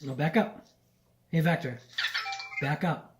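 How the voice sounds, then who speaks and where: A man's voice: fairly high pitch, takes it slowly, noisy background. A man vlogging at a home countertop, coaxing and chatting to a little robot as if it were a pet. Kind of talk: casual vlog, talking to a toy robot.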